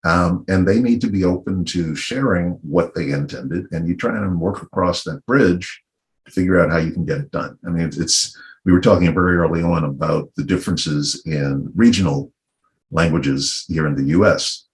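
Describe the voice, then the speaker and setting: A middle-aged man from Virginia speaking on a panel discussion in a thoughtful, unhurried and wry way. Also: sits low. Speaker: panel guest.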